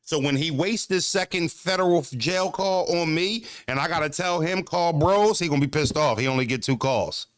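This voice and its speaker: A man's voice: on the high side, normal speed, hardly any pauses, a bit bright, clean tone, dry recording, clean studio sound. A man vlogging in a casual comedic monologue, profane and rambling, laughing often as he jokes.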